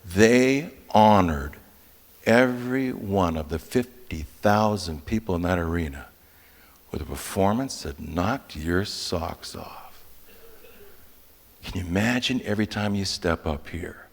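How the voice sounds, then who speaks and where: A man's voice: low voice, slow, creaky. Older man giving a keynote in a big hall. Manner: dramatic shifts from hushed to animated. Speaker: keynote speaker. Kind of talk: motivational keynote storytelling. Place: large conference hall. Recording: long reverb of a big hall.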